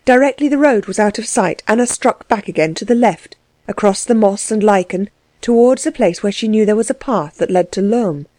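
Female audiobook narrator, measured, expressive delivery, dry close recording. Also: medium pitch, no echo. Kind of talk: scripted narration.

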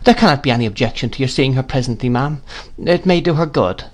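A man reading aloud voices a meek, mild country doctor who speaks softly and deferentially. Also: mid-range voice, fast talker, lightly acted. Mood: soothing. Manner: soft, timid, deferential.

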